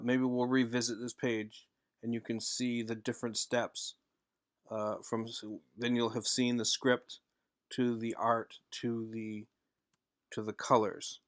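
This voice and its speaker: A man's voice: medium pitch, fairly bright tone, smooth, no room sound, studio quality. Rambling man explaining his comic script. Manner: rambling, self-correcting, with frequent uh fillers. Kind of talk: casual tutorial voice-over.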